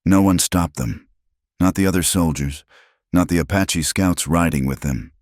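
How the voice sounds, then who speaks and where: A reserved Apache scout, voiced by a man, speaks in short, level, clipped phrases. The voice sits extremely deep. It is recorded dry and close, with no room around it. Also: moderate pace, no echo. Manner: terse, level, clipped sentences. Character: stoic male Apache scout, middle-aged, reserved.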